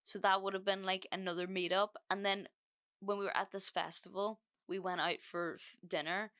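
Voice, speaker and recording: A woman's voice: medium pitch, level tone, normal speed, fairly bright tone, clear, resonant tone. A young woman hosting a podcast, telling a breakup story in a casual, frank way that is full of swearing and fillers. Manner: chatty, frank, swears freely, many fillers. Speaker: podcast host.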